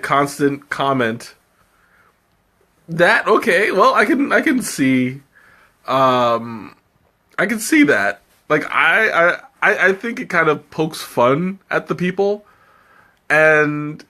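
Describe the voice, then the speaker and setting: A man's voice: on the high side, pushed and bright. A man hosting a live tea tasting, chatting casually with viewers, laughing often and thinking aloud. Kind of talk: casual live-stream chat, answering viewer comments.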